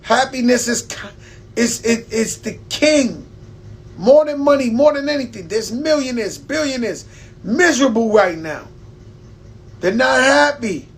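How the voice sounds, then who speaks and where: A man's voice: extremely high pitch, animated, measured pace, breathy edge. A man hosting a live stream, telling loose stories with swearing, laughs and a New York accent. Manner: loose storytelling with profanity and laughs. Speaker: host. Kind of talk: casual live-stream talk.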